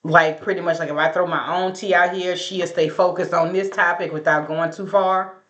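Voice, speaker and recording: A woman's voice: fairly even intonation, moderate pace, a bit bright, lo-fi sound. A woman giving a chatty, sassy recap of a reality TV episode, calling the listener "baby" and "girl" and acting out quotes. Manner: acts out quotes with sudden high pitch jumps. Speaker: recap host.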